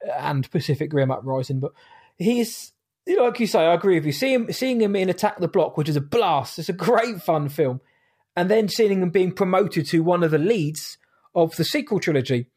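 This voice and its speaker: A man co-hosting a podcast who talks things through in a thoughtful, measured, casual way. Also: high voice, expressive, a little mellow, husky. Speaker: podcast co-host. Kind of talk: casual chat.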